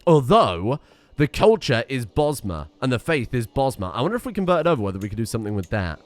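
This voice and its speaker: A man talks through a strategy game in a loose, thinking-aloud way, throwing in dry little asides. His pitch rises and falls a lot, and his voice sits in a middle register. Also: sing-song, fast. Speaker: let's play streamer. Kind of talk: casual gameplay commentary.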